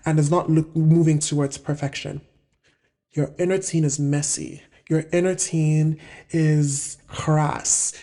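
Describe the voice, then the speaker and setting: A woman in her twenties hosts a self-help video, thinking aloud in a casual, reflective monologue and often pausing to find words. Her voice is low and mellow with vocal fry.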